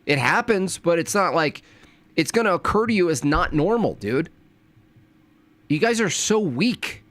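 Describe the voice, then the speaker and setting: A man hosting a reaction commentary, scornful and preachy, jumping from loud jabs to low mutters. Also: very animated, unhurried, no echo. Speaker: commentary host.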